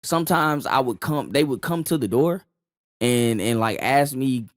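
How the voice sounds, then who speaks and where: Man, laid-back podcast storytelling, mid-pitched voice, dry sound. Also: normal speed, no echo. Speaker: podcast co-host. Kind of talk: casual podcast chat.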